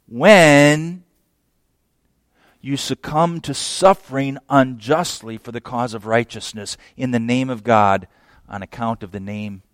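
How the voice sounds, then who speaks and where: Man, pastor, sermon, emphatic, hushed to loud, slightly high voice, dry close sound. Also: no room sound.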